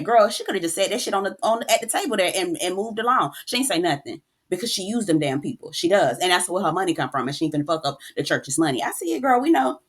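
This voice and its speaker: A woman hosting a reality TV recap, talking in a casual, animated and sassy way, cursing freely and calling the listener "girl". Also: on the low side, breathy edge. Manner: profane. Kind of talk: casual opinionated recap rant.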